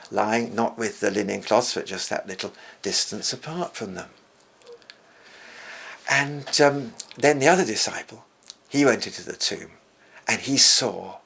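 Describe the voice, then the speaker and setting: Gravelly older man telling a story. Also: medium pitch. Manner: warm, earnest storytelling, dropping to a whisper at solemn moments. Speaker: presenter. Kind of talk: storytelling retelling of scripture.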